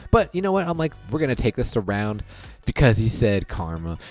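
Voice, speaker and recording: Very animated and brisk, this low-voiced gaming creator talks through a game while faint music plays behind him. He muses aloud in a chatty way, often restarting and slipping into "I'm like" retellings.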